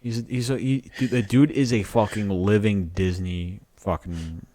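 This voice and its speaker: A man's voice: on the low side, steady tone, dark tone, slight background noise. A man co-hosting a podcast in casual chat, swearing freely and rambling as he jokes around. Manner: profane, rambling, quick to joke. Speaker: podcast co-host.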